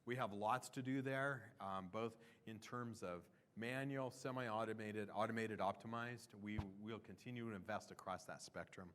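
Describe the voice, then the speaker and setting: A man's voice: lowish voice, fairly even intonation, moderate pace, few pauses, fairly bright tone, smooth. A man presenting a product roadmap at a conference session, talking in a loose, conversational way with fillers and restarts. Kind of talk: conference talk.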